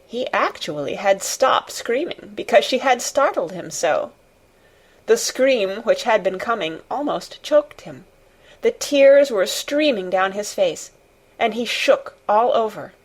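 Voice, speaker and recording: A woman reading a classic novel aloud as an expressive audiobook narrator. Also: mid-range voice, a little slow. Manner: expressive storytelling. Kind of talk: scripted narration.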